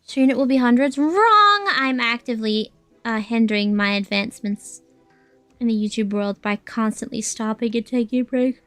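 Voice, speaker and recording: High-voiced playful woman streamer. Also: steady tone, moderate pace, no room sound. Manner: playful, swears, reads and answers chat. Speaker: VTuber streamer. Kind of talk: casual gaming livestream chat. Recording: dry voice with faint game music.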